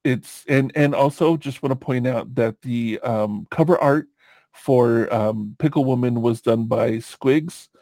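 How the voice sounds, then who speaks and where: A man's voice: mid-range voice, a little slow, a little mellow, no room sound. A man hosting a podcast, chatting casually in a rambling way, with lots of fillers and easy laughs. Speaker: podcast host.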